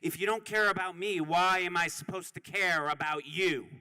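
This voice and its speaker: A man's voice: sits high, steady tone, moderate pace, pushed and bright, clean tone. A man giving impassioned, indignant public comment at a city council meeting, speaking in a preaching, mocking way. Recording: reverberant hall.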